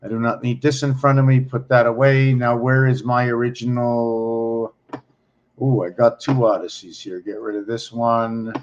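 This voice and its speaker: A man hosting his own channel, talking viewers through his screen slowly as he searches for things, rambling and correcting himself along the way. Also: mid-range voice, level tone, dull audio, a little hiss or hum. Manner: slow, rambling, searching aloud with many pauses and self-corrections. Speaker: channel host teaching on screen. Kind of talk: thinking-aloud screen walkthrough.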